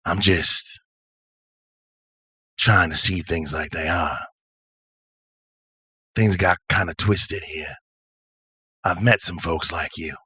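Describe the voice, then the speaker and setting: A man's voice: deep voice, slow pace, pauses often, bright, forceful tone, husky, no room sound, voice pushed down, full character voice. A man voicing an easygoing male mind-reader who loves to jam and talks in a drawling, probing way.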